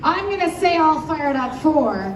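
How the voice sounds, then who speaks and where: A woman emceeing a rally, hyping the crowd with energetic call-and-response chants. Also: high voice, a little slow, echoey room, distant mic, poor audio. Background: crowd noise.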